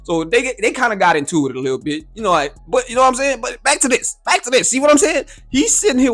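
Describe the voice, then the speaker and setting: A man's voice: extremely high pitch, very animated, fast talker, few pauses, a bit bright. A man giving a casual, slang-filled anime reaction and review, often asking "you feel me".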